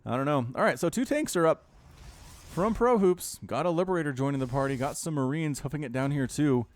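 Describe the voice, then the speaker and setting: A man's voice: a little high, fairly quick. A man commentating a strategy game replay in a chatty way, talking straight to his viewers. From United States. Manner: animated, chatty, addresses viewers directly. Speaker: esports caster.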